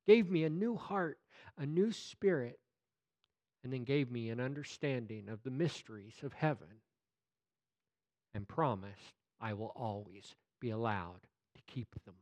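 A man preaching a sermon, reading scripture slowly and deliberately, with playful asides. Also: medium pitch, lively intonation, darkish tone, no echo.

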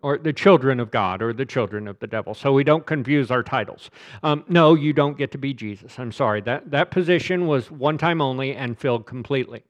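A man's voice: medium pitch, a little fast, muffled recording. A man preaching a sermon as pastor, speaking emphatically and often repeating words as he presses a point.

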